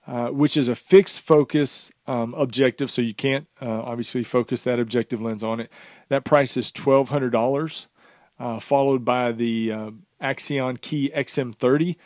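A man's voice: medium pitch, dry recording. A man co-hosting and producing a review show, talking casually, teasing his partner and rattling off product specs into a close desk microphone. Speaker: show co-host and executive producer.

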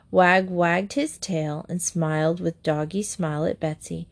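A woman's voice: fairly low pitch, fairly even intonation, a little slow, creaky. Woman reading a children's story. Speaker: narrator.

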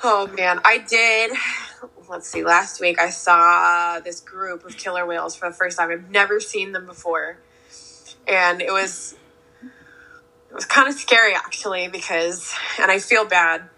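Young woman, boat crew, casual storyteller; gravelly fry in a bright voice, easy "like"-filled telling. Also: on the low side, a little slow, low-quality recording. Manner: relaxed anecdote-telling with "like" fillers. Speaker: whale-watching boat crew.

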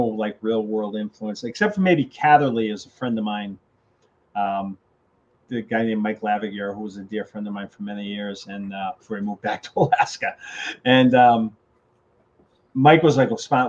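An older male author in a casual interview, telling animated stories and acting out conversations. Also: on the low side. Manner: animated, acts out quoted phone calls. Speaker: author guest. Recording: slightly dull lo-fi audio.

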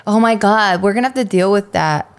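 A woman's voice: mid-range voice, fairly quick. Casual swearing woman podcaster. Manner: casual, swears freely, many fillers. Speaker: podcast co-host.

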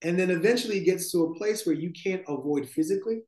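A man's voice: high voice, darkish tone. Reflective man speaking in a roomy space. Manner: slow, thoughtful, spiritual tone with frequent "like" and "right?". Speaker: podcast guest. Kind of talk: reflective conversational storytelling.

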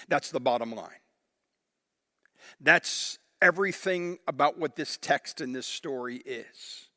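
A male pastor preaching a sermon, emphatic and animated as he reads scripture aloud with dramatic emphasis. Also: medium pitch, slow, no room sound, studio quality.

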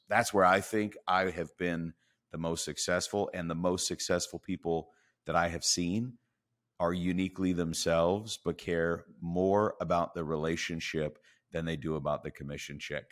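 A man's voice: low voice, fairly even intonation, measured pace, a bit bright. A man in his forties, a podcast guest, telling a career story and acting out the dialogue with animation.

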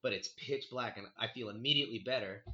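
Brief: young guy, bright forceful voice, animated and sweary, muffled lo-fi sound. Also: mid-range voice, fast talker. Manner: animated, swearing, heavy on 'like' and 'dude'. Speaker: storyteller. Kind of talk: casual storytelling chat.

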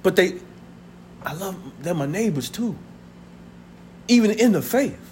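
A man's voice: high voice, lively intonation, unhurried, heavy background noise. A man in his thirties preaching a sermon to his congregation, conversational and full of laughter. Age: 30s. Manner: conversational preaching with laughter and acted family voices. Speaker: pastor. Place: church sanctuary.

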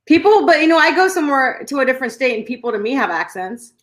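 A woman with a mix of Texas, Boston and Canadian accents, chatting casually, excitable and swearing a lot. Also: sits high, fast talker. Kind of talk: casual chat.

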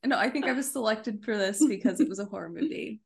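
Woman guest, lots of vocal fry, kinda hesitant and modest. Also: medium pitch, quick pace. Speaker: podcast guest. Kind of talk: casual chat.

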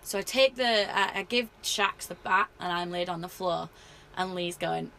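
Woman, slightly low voice, animated storyteller, faint hiss. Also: normal speed, creaky. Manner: animated storyteller, many fillers. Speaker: wrestler. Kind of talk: casual interview chat.

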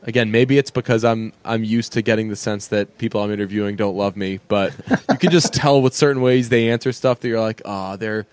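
A man's voice: fairly low pitch, fairly even intonation, fairly quick, clean tone, no echo. A man hosting a casual podcast chat, joking and slipping into mimicked voices.

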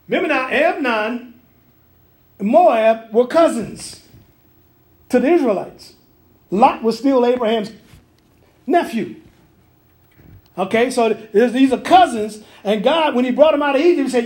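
A man's voice: extremely high pitch, normal speed, roomy sound. A man preaching a sermon in a church, emphatic and folksy, drawing responses from the congregation.

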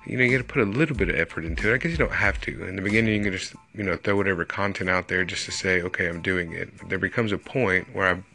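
Man, lowish voice, bright tone, rambling podcast host, soft music underneath. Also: racing, hardly any pauses. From Texas. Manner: rambling, joking, animated asides. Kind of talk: casual solo podcast monologue.

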